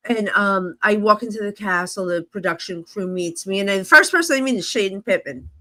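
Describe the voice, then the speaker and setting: In a mid-range voice at a fairly quick clip, a middle-aged New Jersey-accented woman, a psychic medium guest on a podcast, tells an animated story, acting out dialogue and laughing often. The audio has no echo.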